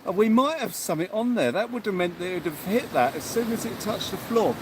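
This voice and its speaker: A man's voice: high-pitched, animated, quick pace. A man live-streaming his night beach fishing, chatting casually and thanking viewers as he watches his rods. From England. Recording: noisy outdoor beach recording.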